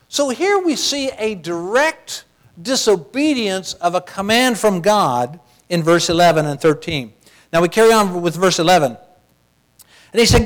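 Preaching with a high voice, this man keeps a folksy, talky style, dropping from shouted stretches down to almost a whisper.

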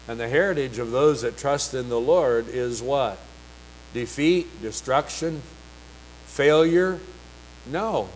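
A man preaching a sermon, reading scripture slowly and emphatically, with rising, pleading passages. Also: mid-range voice, a little hiss or hum, rough recording.

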